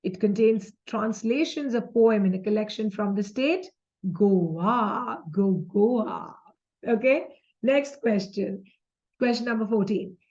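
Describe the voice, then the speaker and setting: A woman's voice: mid-range voice, slow pace, mellow, dull audio. A young woman with an Indian English accent teaching an exam practice lesson, switching between English and Hindi and explaining with examples. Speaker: exam tutor. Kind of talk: lively quiz lesson.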